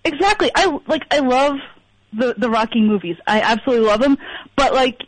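A woman's voice: high-pitched, brisk, dry recording, rough recording. Hesitant woman caller on a dry line. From Pennsylvania, US. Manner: hesitant and apologetic, many ums, giggly. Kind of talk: phone-in chat.

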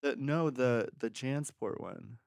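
Male guest, blunt and playful, animated bright delivery, dry close mic. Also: mid-range voice, takes it slowly, vocal fry, no echo. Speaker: podcast guest. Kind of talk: casual chat.

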